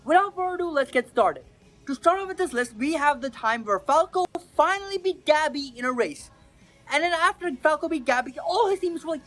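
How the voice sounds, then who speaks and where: A woman talking casually and excitably in a commentary vlog, with slang and swearing, acting out quotes. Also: medium pitch, quick pace, soft background music. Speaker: anime video creator.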